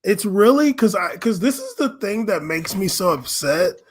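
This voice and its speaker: A man co-hosting a casual commentary show, chiming in with indignant quick remarks. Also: sits high, sing-song, breathy edge. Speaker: co-host.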